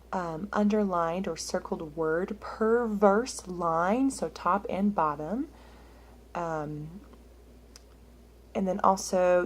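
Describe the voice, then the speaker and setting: A woman's voice: mid-range voice, darkish tone. A woman in her thirties talking a learner through practice steps in a casual, chatty way, with lots of fillers and check-ins. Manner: slows down and drops to a whisper when reading scripture aloud. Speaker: music teacher. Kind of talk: casual instructional talk.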